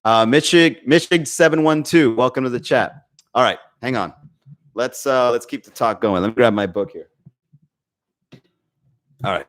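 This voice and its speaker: A man's voice: mid-range voice, normal speed, long pauses. A man hosting a comedy podcast, chatting casually with his stream, rambling, swearing freely and laughing often. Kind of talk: casual livestream chat.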